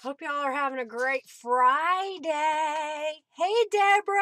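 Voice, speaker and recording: A woman's voice: extremely high pitch, normal speed, hardly any pauses, sharp tone, no room sound. A woman hosting a casual crafting livestream, chatting, laughing often and greeting viewers by name. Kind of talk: casual live-stream chat while crafting.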